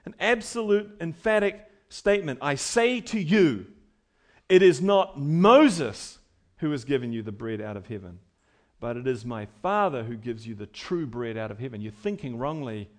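A pastor preaching a sermon to his congregation, emphatic, his voice swinging between loud and quiet. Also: lively intonation, moderate pace. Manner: emphatic preaching with wide swings in pitch and loudness.

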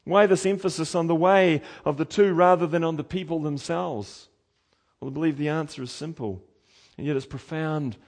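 A man preaching a sermon with dramatic swells to loud cries and drops to low, quiet warnings. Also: normal speed.

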